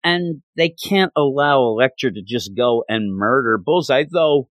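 A man's voice: mid-range voice, lively intonation, unhurried, fairly bright tone, no room sound. A man casually reviewing a comic book, rambling through a chatty retelling of the story with lots of fillers.

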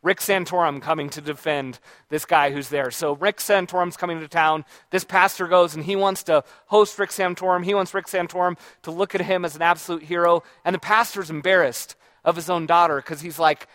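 Speaking a little fast, a man reviews books he has read in a relaxed, reflective ramble full of restarts and self-corrections. His voice is on the high side, steady and a bit bright, recorded without echo.

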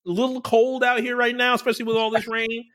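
A man co-hosting a podcast in casual chat, loose and profane, who often drops into a deep voice when quoting. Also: level tone, fast talker, a bit bright. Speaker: podcast co-host.

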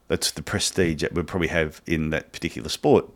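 A man's voice: extremely low pitch, brisk. An Australian man co-hosting a podcast, chatting casually and acting out bits of dialogue as he tells anecdotes. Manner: animated anecdotes, acts out dialogue. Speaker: podcast co-host. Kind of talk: casual podcast chat, storytelling.

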